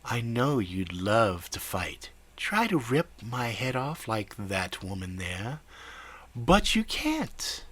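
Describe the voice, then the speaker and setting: A man's voice: medium pitch, sing-song, a bit bright, breathy edge, no echo, heavily acted. Man putting on a nasal, whiny villain. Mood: menacing. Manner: menacing, condescending, slow. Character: slender tall sinister man, nasal and whiny, commanding werewolves.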